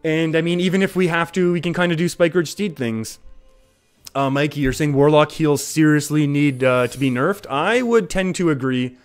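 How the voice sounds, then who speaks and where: A man's voice: on the high side, moderate pace, clear, resonant tone, soft background music. A man live-streaming a card game, talking through his plays in a chatty way and often laughing.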